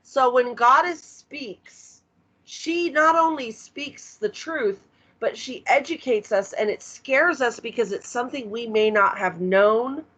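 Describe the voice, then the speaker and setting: Supportive woman co-host, halting delivery, slightly muffled lo-fi recording. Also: a little high, a bit bright. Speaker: podcast co-host. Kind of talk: casual chat. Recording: slightly dull lo-fi sound.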